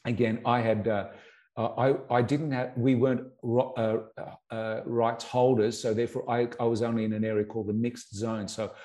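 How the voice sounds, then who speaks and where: An Australian man in middle age, telling his stories as a guest in a casual interview. His voice is warm and mellow at an ordinary pitch. He tumbles through his anecdotes with animated restarts and repeated words. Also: moderate pace.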